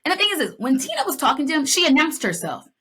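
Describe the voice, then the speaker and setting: A young woman co-hosting a podcast in casual chat, telling stories with lively acted-out lines and playful asides. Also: high-pitched, racing. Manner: animated storytelling, acts out lines, playful. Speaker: podcast co-host.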